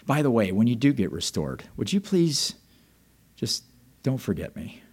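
A man's voice: medium pitch, sing-song, normal speed, a little mellow, breathy edge, voice pushed down. A man voicing a humble young Hebrew man who talks in an earnest, prayerful way.

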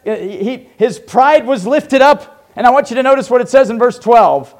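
High-pitched guy preaching, goes quiet and low then loud and pleading. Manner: swings between hushed low asides and loud fervent pleading. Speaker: pastor. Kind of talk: sermon.

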